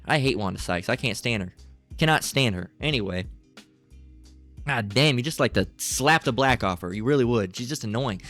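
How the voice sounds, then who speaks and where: A middle-aged man rants crudely and profanely, rambling and reading passages aloud between asides. His voice sits in a plain middle pitch, with faint music behind him. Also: brisk, a bit bright. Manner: crude, profane, rambling, frequent fillers and "right?". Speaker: channel host. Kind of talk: ranting commentary, reading aloud.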